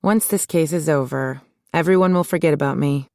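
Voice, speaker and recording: A spirited, teasing young woman, read by the narrator in an audiobook. She asks light, prodding questions, in a fairly low voice with a dry, close studio sound. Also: a little fast, a little mellow, no echo. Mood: coaxing.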